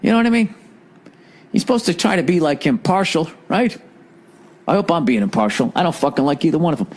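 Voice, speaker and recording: A man's voice: on the high side, lively intonation, fast. A man hosting a podcast, delivering a rambling, profane, exasperated comedic rant. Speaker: podcast host.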